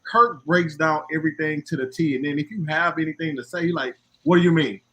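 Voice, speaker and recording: A man on a panel about box truck work, telling lively stories and acting out what others said. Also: on the high side, a little fast. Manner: animated storyteller acting out quoted dialogue. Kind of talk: casual panel talk.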